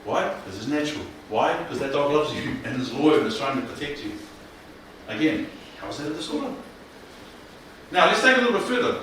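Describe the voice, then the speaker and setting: A man leading a mental health workshop, speaking in a colloquial, animated way and often questioning the audience. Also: fairly high pitch, fairly quick. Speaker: workshop presenter. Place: room with live audience. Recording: echoey room, distant mic, faint noise.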